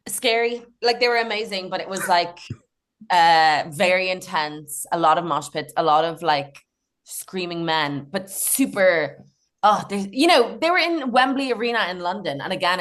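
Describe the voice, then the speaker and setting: A woman's voice: fairly low pitch, fairly bright tone. A young Irish woman chatting and laughing through stories as a comedy podcast guest. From Ireland. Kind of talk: casual podcast chat.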